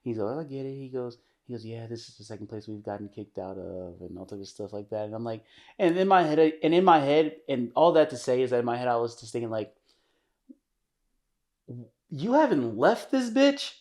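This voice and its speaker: A man's voice: medium pitch, quick pace, a little mellow. A man co-hosting a podcast, retelling a story in casual chat with many restarts. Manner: rambling, many restarts, acts out quotes. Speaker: podcast co-host.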